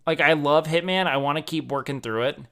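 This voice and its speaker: A man's voice: fairly high pitch, fairly quick, a bit bright, clear, resonant tone. A young man streaming, chatting casually and loosely with his chat, swearing and using lots of fillers. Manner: loose, profane, rambling with many fillers.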